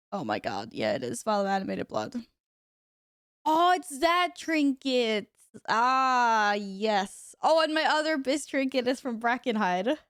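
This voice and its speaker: A woman's voice: a little high, no room sound, clean studio sound. A woman streamer chatting casually with her viewers while gaming at home, laughing often and reacting aloud.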